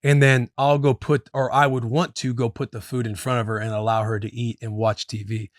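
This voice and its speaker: A man in his thirties talks casually on a podcast, sharing advice in a loose, rambling way. He speaks at an ordinary pitch into a studio mic, and the sound is dry and close. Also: no echo. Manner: loose and chatty, calls himself "your boy", speaks to listeners as "boys". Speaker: podcast host.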